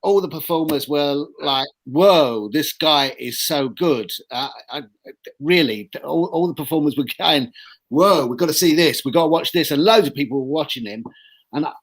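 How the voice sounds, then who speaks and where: A man with a fairly high voice hosts a casual chat and introduces a guest. He is excitable and swears now and then for emphasis. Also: fairly quick. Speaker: host.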